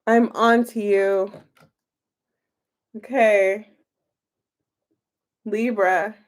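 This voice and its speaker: Woman tarot streamer, chatty and giggly, unhurried delivery. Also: mid-range voice, steady tone. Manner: chatty and giggly, answering chat comments. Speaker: tarot reader live-streaming to chat. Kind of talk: casual live-stream chat.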